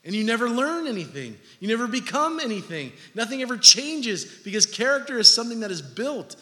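Animated preacher man in an echoing hall. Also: sits high. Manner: animated, jokey, acts out little scenes. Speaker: pastor. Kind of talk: sermon. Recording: long hall reverb.

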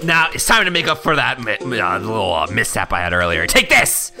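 A man voicing a clumsy, eager fighter who stammers before a loud battle cry, in a tabletop game. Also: lowish voice, sing-song, fairly quick, vocal fry, music in the background.

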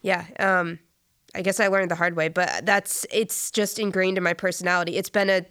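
A woman in casual conversation about faith, talking in halting phrases with many fillers and restarts. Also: on the low side, flat delivery, pushed and bright, clean tone, no echo, clean studio sound.

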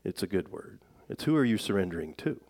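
Middle-aged male pastor, casual sermon, lowish voice, wry self-deprecating humor. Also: very animated, quick pace, darkish tone. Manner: conversational, self-deprecating humor with frequent fillers.

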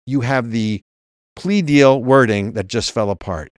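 A man's voice: mid-range voice, unhurried, no echo, studio quality. A man co-hosting a political talk show, arguing emphatically and reading legal text aloud. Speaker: co-host.

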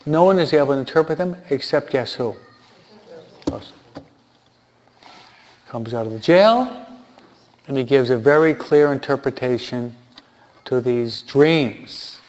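A man's voice: mid-range voice, measured pace, pauses often, a little mellow. A man giving informal Bible teaching who asks his listeners rhetorical questions and repeats key points for emphasis. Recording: dull lo-fi recording.

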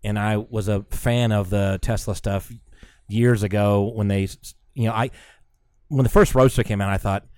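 A man co-hosting a podcast, telling an excitable, animated story in casual chat on a close mic. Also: lowish voice, moderate pace, clear, resonant tone, no room sound. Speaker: podcast co-host.

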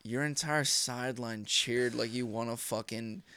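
A man's voice: medium pitch, fairly even intonation, a little slow, bright, forceful tone, smooth. A young man co-hosting a casual podcast in a laid-back, profane way, laughing often. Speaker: podcast co-host. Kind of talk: casual chat.

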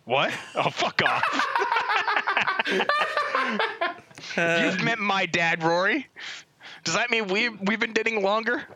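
A man's voice: high-pitched, takes it slowly, long pauses, noisy background. A man co-hosting a podcast, telling stories with lots of laughter and swearing. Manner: animated storyteller who laughs a lot and swears freely. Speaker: podcast co-host. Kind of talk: casual banter among friends.

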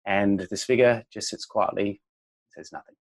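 A man, a chiropractor guest on a podcast, speaking reflectively and telling a gentle story. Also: lowish voice, steady tone, normal speed, poor audio. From Australia. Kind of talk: relaxed podcast conversation.

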